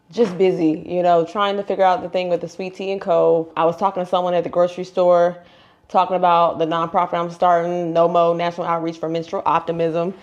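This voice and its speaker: A woman's voice: fairly low pitch, darkish tone. A woman, hosting a casual cooking vlog in her home kitchen, chatty and candid. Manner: chatty, candid, laughs often. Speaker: YouTube cooking channel host.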